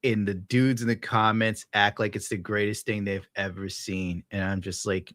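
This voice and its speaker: A man's voice: fairly low pitch, level tone, normal speed, few pauses, a bit bright, no echo. Crude ranting streamer guy, dry mic. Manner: crude, sarcastic, laughs through his own jokes. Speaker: streamer reacting to clips. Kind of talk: casual profane rant.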